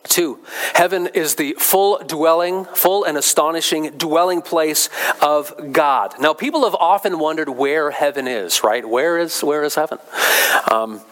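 A man preaching a sermon in a conversational way, with asides and restarts, rising in pitch and force when he stresses a point. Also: measured pace, a bit bright. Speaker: pastor.

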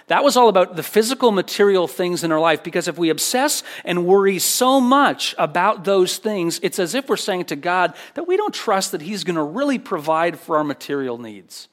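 A male pastor delivering a sermon in an earnest, emphatic way. His voice sits a little higher than most men's, and he leans on repeated phrases to drive each point home. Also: fairly bright tone.

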